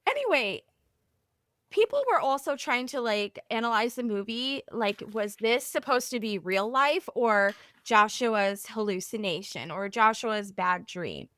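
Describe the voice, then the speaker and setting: A woman co-hosting a podcast in casual chat, playful and expressive. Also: on the high side, no room sound, clean studio sound. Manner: expressive and playful, quick to laugh. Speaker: podcast co-host.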